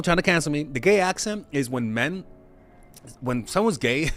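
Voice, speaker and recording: Lively, conversational male dating coach. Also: mid-range voice, normal speed, pauses often, faint music behind. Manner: loose and conversational, with frequent restarts and tag questions. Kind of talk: casual coaching monologue.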